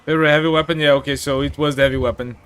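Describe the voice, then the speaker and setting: A man's voice: on the high side, steady tone, rapid-fire, fairly bright tone, clear, resonant tone. A man streaming a game, chatting casually, reading chat aloud and filling gaps with "like" and "uh". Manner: chatty, reads chat aloud, many fillers. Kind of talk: casual live-stream commentary.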